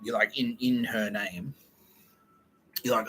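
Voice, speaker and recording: A young man hosting a podcast, rambling through a profane, excitable solo monologue that jumps from idea to idea. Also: mid-range voice, slight background noise, rough recording. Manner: profane, excitable, fast-shifting and digressive. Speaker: podcast host.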